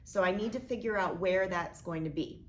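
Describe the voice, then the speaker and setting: A woman teacher walks through a phonics lesson in a somewhat low voice, speaking slowly and deliberately. She sounds out each part of a word with care. Faint room noise hums under the recording. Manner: slow, deliberate, sounding out words.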